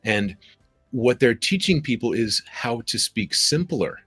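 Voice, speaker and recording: A man speaking as a guest on a video call, animated and storytelling, acting out the people he quotes. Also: medium pitch, a little slow, slightly rough, no echo, faint music behind. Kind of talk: conversational storytelling.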